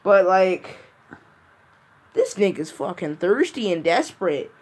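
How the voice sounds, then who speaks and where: A man's voice: high-pitched, very animated, slow, a little mellow, husky. A young man in casual banter with a friend, teasing and crude, mocking others with put-on voices. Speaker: friend in a recorded chat.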